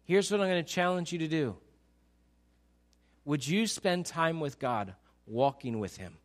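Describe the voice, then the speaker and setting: A male pastor preaching a sermon, pleading with rhetorical questions that rise for emphasis and then drop soft. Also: fairly high pitch, expressive, a little slow.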